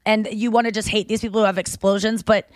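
A woman's voice: medium pitch, level tone, fast, dry recording. A woman hosting a podcast in casual chat, swearing freely and acting out the people in her stories. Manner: swears freely, tells stories with acted-out quotes. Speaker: podcast host. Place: makeshift home studio.

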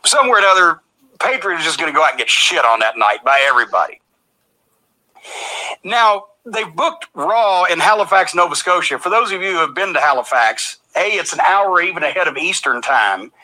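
A man's voice: fairly high pitch, animated, brisk, bright, forceful tone, poor audio. An older man telling a profane backstage story, swearing constantly and animatedly acting out the lines he quotes. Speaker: storyteller recounting wrestling backstage days. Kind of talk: profane anecdote.

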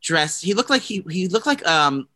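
A man's voice: high voice, big pitch swings, moderate pace, bright, forceful tone. A young man co-hosting a podcast, chatting casually and gossiping in a rambling way full of fillers and restarts. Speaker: podcast co-host.

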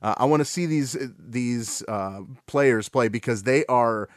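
A man hosting a casual gaming podcast, talking in a relaxed way with lots of fillers and restarts. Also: medium pitch, unhurried, no room sound, clean studio sound. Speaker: podcast host.

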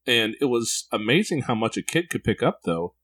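A man's voice: mid-range voice, sing-song, normal speed, fairly bright tone. A man in casual conversation, candidly telling reflective personal stories as a podcast co-host.

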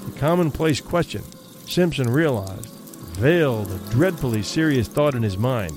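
A man narrating an audiobook horror story in a measured storytelling manner. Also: medium pitch, lively intonation, music in the background.

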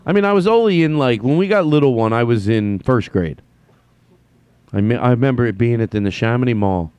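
A man hosting his own podcast, telling a rambling, self-deprecating comic story with halting restarts. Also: mid-range voice, expressive, a little mellow, smooth, no room sound, highs cut off. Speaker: podcast host.

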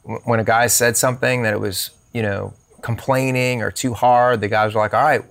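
A man's voice: mid-range voice, fairly even intonation, normal speed, vocal fry, fairly bright tone. A man who is a podcast guest, telling a personal faith story and acting out quoted dialogue in shifting voices.

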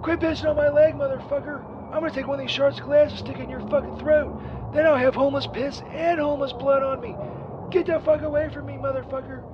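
A crude, hapless saint with a strikingly high, squeaky voice that rambles and curses, easily set off into rage. He is calling from a half-broken street phone booth. The sound is a muffled phone line with faint hiss. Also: steady tone, quick pace. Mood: furious. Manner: rambling, profane, easily enraged. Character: crude, hapless grown male saint stranded on the road.

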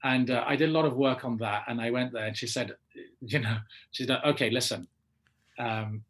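An English man, an actor, telling a long anecdote and acting out the people he quotes in lively voices. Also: mid-range voice, brisk. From England. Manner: animated, acts out quoted people in changing voices. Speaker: actor, guest. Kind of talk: anecdotal storytelling.

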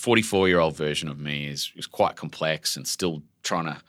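Aussie guy in his 40s, low voice but bright and punchy, animated storyteller, gets emotional, chatty slang. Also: normal speed, no room sound, studio quality. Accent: Australian. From Australia. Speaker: author guest. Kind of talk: casual interview conversation.

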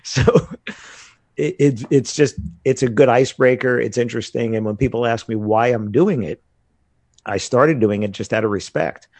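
An American man talking casually in an interview, telling animated stories about learning a language. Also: medium pitch, normal speed, no room sound. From United States. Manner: animated storytelling with laughs. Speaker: guest. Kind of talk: casual conversation.

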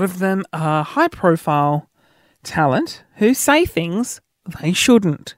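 A man's voice: sing-song, takes it slowly, no room sound. A man telling everyday stories in a casual, self-mocking monologue, acting out what people said. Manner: chatty, self-mocking, acts out quoted dialogue with pitch jumps.

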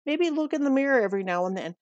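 A woman's voice: high-pitched, expressive, rapid-fire, darkish tone, no echo, dull audio. A middle-aged woman from the United States giving dog-walking and pet tips in a chatty, earnest way that often repeats itself. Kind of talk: casual advice talk.

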